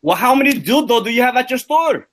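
Man, husky, high lively voice, indignant prank caller, swearing. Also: quick pace. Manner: indignant, swearing, repeats himself. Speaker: livestream host making a prank call. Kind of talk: loud prank phone call.

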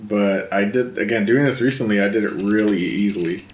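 A man's voice: lowish voice, brisk, slight background noise. A man with hiccups playing a video game and chatting casually with friends, swearing now and then. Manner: laid-back, swears casually. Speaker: player commentating a video game. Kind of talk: casual let's-play banter. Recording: roomy room sound.

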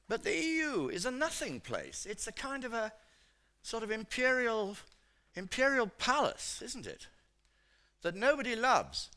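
A man's voice: extremely high pitch, bright, forceful tone. An older man from Britain, an economics professor giving a chatty seminar lecture, full of "you know" fillers.

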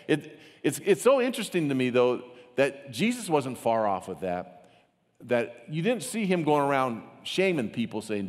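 A man's voice: mid-range voice, very animated, unhurried. A man preaching a sermon as pastor. He talks with animation and acts out mocking voices. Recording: long hall reverb.

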